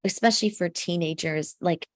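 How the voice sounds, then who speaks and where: A woman co-hosting a podcast in casual chat, animated and rambling, often breaking into laughter. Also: lowish voice, moderate pace, dry recording, clean studio sound. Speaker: podcast co-host.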